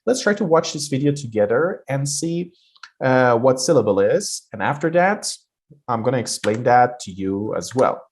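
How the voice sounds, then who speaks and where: A man's voice: medium pitch, lively intonation, normal speed. A man teaching an online pronunciation lesson, explaining points and repeating example words.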